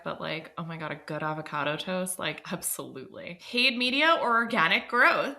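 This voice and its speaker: A bubbly woman hosting a podcast interview. Her voice is low-pitched yet bright and forceful, and she reacts with playful enthusiasm as she quizzes her guest. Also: lively intonation, normal speed, hardly any pauses. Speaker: podcast host. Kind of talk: casual interview chat.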